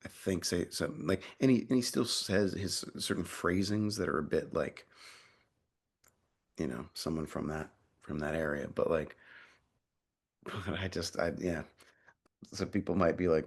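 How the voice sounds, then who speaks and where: Gravelly deep-voiced man, rambling interview. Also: a little slow, long pauses. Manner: rambling, many fillers and restarts, swears casually. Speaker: actor being interviewed. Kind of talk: casual interview chat.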